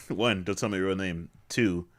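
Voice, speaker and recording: A man with a very deep, low voice co-hosting a casual movie review podcast. He jokes about the film and laughs along with his co-host. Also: unhurried.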